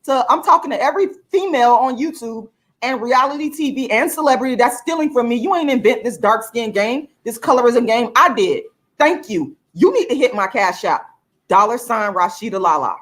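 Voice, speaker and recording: Woman, vlogger, casual monologue, emphatic, swears freely, big pitch jumps. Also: lively intonation, a little fast. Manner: emphatic and profane, with laughs between points; pitch swings widely, often jumping high for emphasis.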